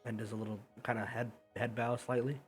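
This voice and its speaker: A man narrating a tabletop game as game master, in a relaxed, loose way with many fillers. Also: mid-range voice, a little fast, faint music behind.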